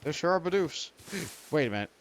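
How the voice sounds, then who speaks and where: Lively-voiced young man streaming a game. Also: fairly high pitch, a little fast, slight background noise. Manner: rambling, self-deprecating, talks to the game. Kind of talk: let's play commentary.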